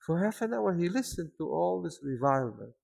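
A man with a foreign accent preaching a sermon, telling stories with energy and rising to shouts at the peaks. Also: fairly high pitch, fairly quick, creaky. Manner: animated storytelling, shouting at peaks.

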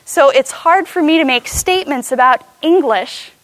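A woman giving an animated class talk to a live audience, often asking them questions. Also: high voice, moderate pace, no room sound. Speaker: speaker teaching cross-cultural ministry.

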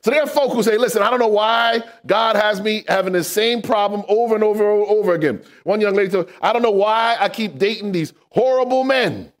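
A man preaching a sermon, asking the congregation questions and rising to shouts for emphasis. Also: sits high, fairly quick, hardly any pauses. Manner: animated preaching with call-and-response questions.

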